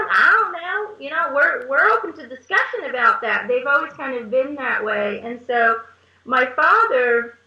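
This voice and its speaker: A woman with a higher, bright voice and a gravelly edge chats through her stories, laughing often. Her voice comes through an echoey, dull, lo-fi recording. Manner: chatty storytelling, often laughing. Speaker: guest medium. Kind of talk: casual interview chat.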